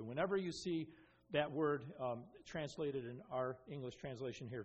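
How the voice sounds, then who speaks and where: A pastor giving an earnest expository sermon, with frequent ums and restarts. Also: male voice, mid-range voice, normal speed, breathy edge, lo-fi sound. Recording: long reverb of a hall.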